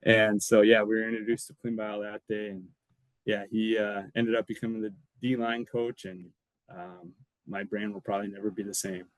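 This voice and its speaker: A man's voice: lowish voice, level tone, moderate pace, dry recording, low-quality recording. A man, a former college football lineman, casually telling rambling stories as a podcast guest and laughing between anecdotes. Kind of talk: casual storytelling.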